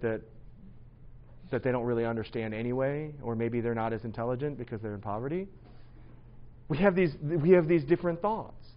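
Talking to his congregation in a church hall, a pastor preaches a sermon with easygoing, self-deprecating humor. His voice is a little high, and the audio is dull.

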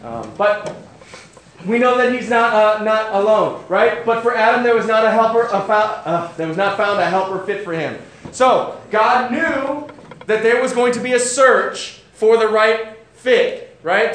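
A man's voice: high voice, animated, measured pace, fairly bright tone. A young adult man preaching a sermon in a casual, conversational way, with joking asides and frequent checks of "right?". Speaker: pastor. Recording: roomy hall sound, faint background noise.

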